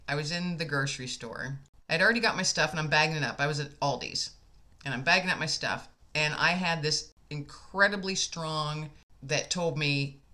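A woman's voice: sits low, pushed and bright. A woman hosting a casual conversation, telling an earnest, heartfelt story with frequent fillers.

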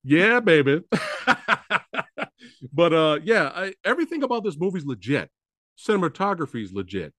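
A man's voice: on the high side, big pitch swings, normal speed, long pauses, fairly bright tone, no room sound, studio quality. A man hosting an interview podcast, talking with hyped, enthusiastic fan energy. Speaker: podcast host. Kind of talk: casual interview chat.

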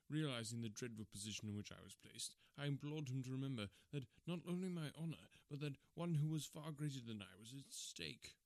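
A man reading a classic detective story aloud in a measured, formal storytelling manner. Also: mid-range voice, no echo. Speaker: audiobook narrator.

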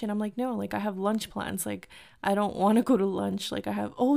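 A young woman casually telling a dating story, chatty and full of "like", acting out quoted lines in a higher voice. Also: brisk, vocal fry, darkish tone. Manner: chatty, fillers "like" constantly, acts out quotes in higher pitch. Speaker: storyteller sharing dating experiences.

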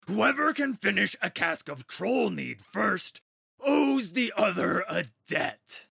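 A man voicing a hideous ancient male troll who gloats, taunts and cheats, with a gravelly, squawking voice. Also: sing-song, slow pace, sharp tone, no room sound, clean studio sound, full character voice. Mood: gloating. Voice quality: gravelly, raspy, high and squawking.

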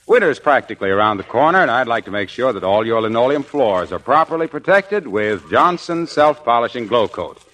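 A man's voice: mid-range voice, big pitch swings, brisk, hardly any pauses. A male radio announcer reading a folksy, persuasive scripted ad and introduction. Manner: folksy, warmly persuasive salesman. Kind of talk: scripted radio advertising read. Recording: old radio broadcast.

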